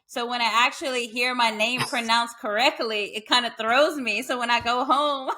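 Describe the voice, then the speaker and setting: A woman hosting a podcast in casual chat, upbeat and quick to laugh. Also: fairly high pitch, steady tone, pushed and bright. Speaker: host.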